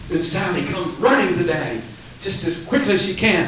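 A man preaching a sermon in a dramatic manner, swinging from loud to hushed, recorded in an echoey hall from far off. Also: sits high, brisk, a little hiss or hum.

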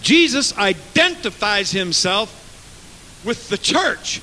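A man preaching a sermon in church as pastor, emphatic, with rhetorical questions to the congregation and big swings in pitch and volume. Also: big pitch swings, normal speed, pushed and bright, slight background noise, rough recording.

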